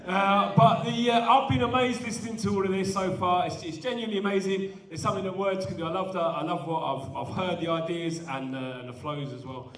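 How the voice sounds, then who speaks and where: A man's voice: high voice, brisk, few pauses. A man who performs spoken word poetry at a student event and jokes between poems. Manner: animated, self-deprecating between poems. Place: large indoor event hall. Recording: echoey hall, voice from a distance.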